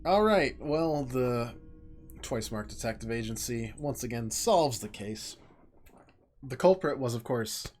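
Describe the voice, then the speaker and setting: A man's voice: mid-range voice, animated, a little slow, a little mellow, soft background music. A man hosting a let's play, reading game dialogue aloud and adding playful, joking asides.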